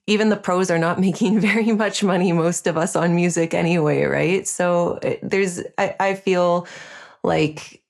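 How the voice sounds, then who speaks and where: Woman, songwriter guest, fairly low voice, upbeat, casual chat. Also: steady tone, measured pace, vocal fry. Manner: enthusiastic and upbeat.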